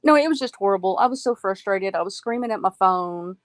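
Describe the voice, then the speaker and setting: A woman's voice: medium pitch, animated, fairly quick, no room sound, low-quality recording. A woman, frustrated and emphatic in casual chat, stretching out her stressed words. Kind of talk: casual chat about online drama.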